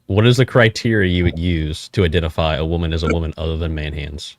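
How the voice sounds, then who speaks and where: A man's voice: very deep voice, fairly even intonation, quick pace, dry recording, clean studio sound. A man from East Tennessee pressing questions in a teasing, argumentative casual debate. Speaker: panel guest.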